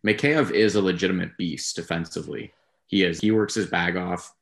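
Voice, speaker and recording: A man co-hosting a podcast, talking through his views in a casual, rambling, measured way. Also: deep voice, steady tone, vocal fry. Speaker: podcast co-host. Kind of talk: casual sports talk.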